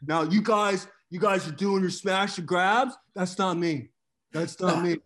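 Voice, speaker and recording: A man's voice: high voice, unhurried, fairly bright tone. A man co-hosting a comedy podcast, joking loosely and swearing freely in casual banter. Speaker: podcast co-host.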